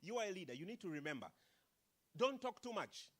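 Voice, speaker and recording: A man giving an energetic motivational speech to young people, calling out to the crowd and asking it questions. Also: high-pitched, a little fast. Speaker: motivational speaker. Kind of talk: live speech to a youth audience. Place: conference hall.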